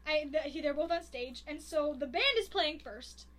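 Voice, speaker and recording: A woman's voice: high-pitched, normal speed. A woman co-hosting a podcast, retelling a movie plot in a rambling, giggly way. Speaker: podcast co-host recapping a movie. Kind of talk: casual chat, plot retelling.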